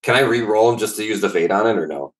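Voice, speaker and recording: A man playing a tabletop game, asking short checking questions about the rules and acknowledging quickly. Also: lowish voice, rough recording. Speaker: player.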